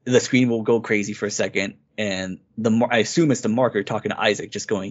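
This man's lowish voice is steady and brisk as he co-hosts a podcast, rambling eagerly through the story of a game in casual review talk. The recording quality is dull and lo-fi.

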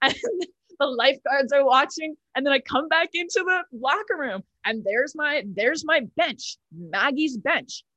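Young woman, about nineteen, higher voice, dry laptop-mic sound, chatty self-mocking stand-up host. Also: unhurried, dry recording, dull audio. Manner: chatty, self-mocking, exaggerated deadpan bragging. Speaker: comedy club host. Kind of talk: casual chat and stand-up set. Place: at home on a video call. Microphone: laptop mic on a video call.

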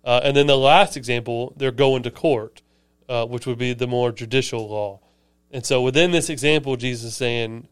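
Smooth-voiced man chatting casually. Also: mid-range voice, steady tone, normal speed, no room sound. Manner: conversational, enthusiastic, explains with asides. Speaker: podcast co-host, church staff. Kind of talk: casual chat about sermons.

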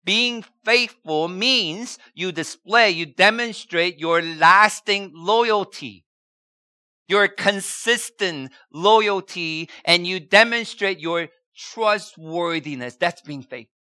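A male pastor delivers a sermon at an unhurried pace, his voice bright and forward. He keeps posing rhetorical questions and hammers key words again and again. The sound is close and dry. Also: high voice, no room sound.

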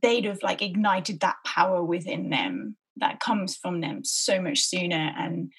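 A woman hosting a casual podcast chat, effusive and quick to laugh. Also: lowish voice, animated, husky. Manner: warm, effusive, laughs often.

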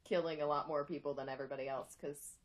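A woman's voice: low-pitched, fairly even intonation, quick pace. A young woman reading a fan fiction aloud for laughs, breaking off into sarcastic, rambling asides.

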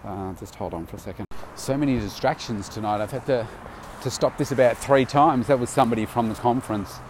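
A man's voice: medium pitch, a little fast, a little hiss or hum. A tired man casually recording an audio diary outdoors, rambling loosely with many fillers and restarts. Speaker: vlogger.

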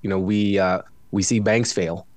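His low voice keeps a fairly even intonation at normal speed, recorded dry on a studio mic. A tired man on a podcast, he converses casually from home, reflective and jokey with frequent laughter.

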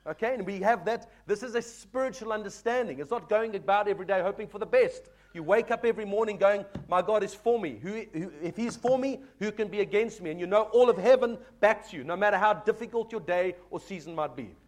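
A man's voice: sits high, fairly quick, hardly any pauses, a little mellow. A man preaching a sermon as pastor, earnest and exhorting, often addressing the congregation as folks.

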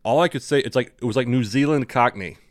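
Male podcast co-host, rapid rambling delivery, casual and profane, close dry mic. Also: medium pitch, dry recording. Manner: fast, rambling, swears freely. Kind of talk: casual chat.

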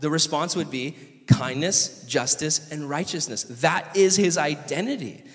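A man's voice: a little high, a little slow. Man preaching passionately in a reverberant hall. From California. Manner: passionate, conversational preaching with audience questions. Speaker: pastor. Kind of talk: sermon.

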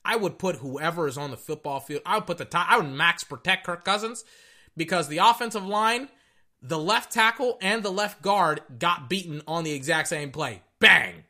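A young man giving casual, rambling reaction commentary on a football game, excitable and tripping over his words. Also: a little high, normal speed. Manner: excitable, rambling, stutters and repeats himself.

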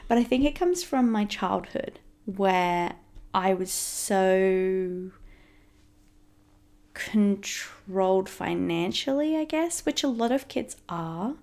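A woman co-hosts a casual podcast with her partner. She talks loosely and rambles, laughing often, with a gravelly fry in her voice. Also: mid-range voice, expressive, takes it slowly, a little mellow. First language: English. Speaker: podcast co-host. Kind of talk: casual couple's podcast chat.

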